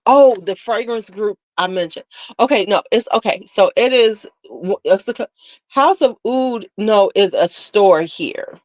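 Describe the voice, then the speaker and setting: A woman's voice: medium pitch, animated, unhurried, no echo. A woman hosting a casual beauty livestream, chatting candidly and sassily with viewers, laughing often. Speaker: beauty channel host.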